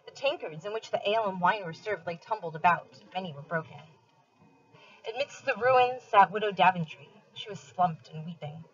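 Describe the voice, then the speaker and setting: A woman reads a novel aloud for a class in steady, expressive first-person narration. Her voice is husky and fairly low. The recording sounds muffled and lo-fi. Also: moderate pace.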